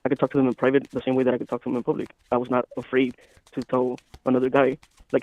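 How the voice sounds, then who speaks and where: A man co-hosting a casual podcast chat, talking in a calm, even, matter-of-fact way. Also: medium pitch, rapid-fire, no echo. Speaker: podcast co-host. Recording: dry, phone-like thin sound.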